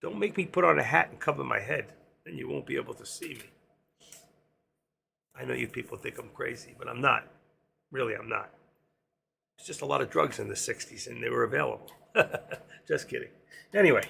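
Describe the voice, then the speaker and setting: A man in his sixties hosting a casual stock trading livestream, rambling and joking between chart calls, his voice going hoarse. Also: medium pitch, moderate pace, long pauses, pushed and bright, a little hiss or hum. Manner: rambling, joking asides, sings snatches of songs. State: losing his voice. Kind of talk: casual live-stream market commentary.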